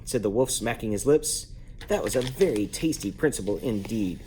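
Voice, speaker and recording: A man reading a children's book aloud at bedtime at home, lively and playful, jumping up in pitch to give each character a voice. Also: normal speed, a little hiss or hum. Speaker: parent reading a bedtime story. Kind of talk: bedtime story read-aloud.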